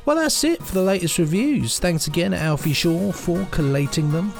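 A man's voice: sits high, expressive, normal speed, creaky, over music. A man co-hosting a podcast, reading out listener reviews in an upbeat way. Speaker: podcast co-host. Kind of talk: casual podcast chat.

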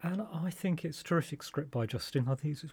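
A man's voice: fairly high pitch, fast talker, creaky, darkish tone, husky, dry recording. A man, a producer, chatting enthusiastically about an audio drama series. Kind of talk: casual chat.

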